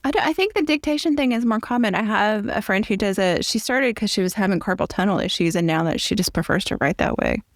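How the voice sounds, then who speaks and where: A woman's voice: medium pitch, expressive, fast talker, few pauses, no room sound, studio quality. A woman from the American South with a Southern accent, hosting a podcast interview and chatting casually. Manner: chatty, thinks aloud with restarts. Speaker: podcast host.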